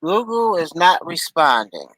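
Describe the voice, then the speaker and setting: A man with a high, bright voice talks casually to his stream chat. He jokes around and calls viewers by name. His voice comes through a headset mic, close and dry with no room sound. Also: sing-song, unhurried, dry recording, rough recording. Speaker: live streamer chatting with viewers. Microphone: headphones with mic.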